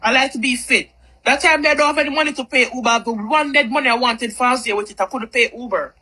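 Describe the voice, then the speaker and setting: A woman with a high, bright voice spins a casual storytime tale. She is lively and repeats phrases for emphasis. Her tone has a forward, sharp edge. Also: quick pace, rough recording.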